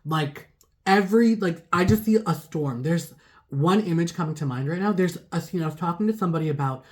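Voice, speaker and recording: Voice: mid-range voice, brisk. A spiritual reader giving a casual intuitive reading to viewers, sassy and emphatic, calling them baby and honey. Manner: gets fired up and emphatic.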